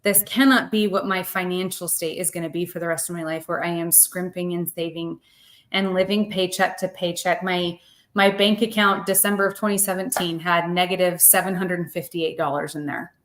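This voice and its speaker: A woman's voice: on the low side, fairly even intonation, moderate pace, fairly bright tone. Emotional woman telling a personal story. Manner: earnest, heartfelt, with frequent word repeats. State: emotional, close to tears. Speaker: podcast guest.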